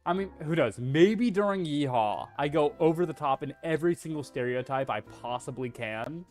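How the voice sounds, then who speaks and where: A man with a Texan accent chatting casually on a livestream, playful and hammy, swearing freely and letting out loud yeehaw whoops. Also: on the high side, animated, normal speed, faint music behind. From Texas. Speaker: VTuber streamer.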